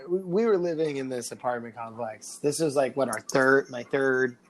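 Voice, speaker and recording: A man's voice: mid-range voice, moderate pace, rough recording. A young man co-hosting a casual podcast, telling a story in a rambling way with lots of fillers, restarts and swearing. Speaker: podcast co-host.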